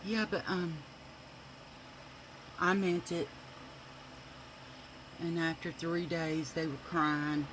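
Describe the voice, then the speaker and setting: A woman's voice: sits low, noisy background. A woman telling rambling stories while doing her makeup at home. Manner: chatty, rambling, with many fillers. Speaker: makeup vlogger.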